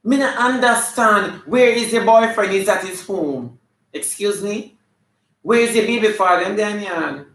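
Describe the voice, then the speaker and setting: A man's voice: sits high, measured pace, a bit bright, echoey room, rough recording. A man with a Jamaican accent doing live comedy, sassy and scolding in a flamboyant way, breaking into snatches of song. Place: live show venue.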